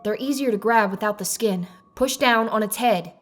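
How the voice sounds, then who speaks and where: Brief: a sharp-tongued female hospital chief, put on by a woman narrator, bossy and cold. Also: medium pitch, moderate pace, natural voice. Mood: commanding. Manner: cutting, commanding, barks curses. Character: harsh, contemptuous female chief of medicine. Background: faint music.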